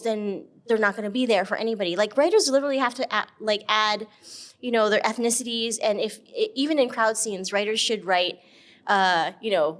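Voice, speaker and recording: Chatty woman with lots of fillers. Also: a little high. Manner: animated, laughing, lots of fillers like "like" and "um". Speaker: guest, actress and filmmaker. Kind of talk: casual interview chat.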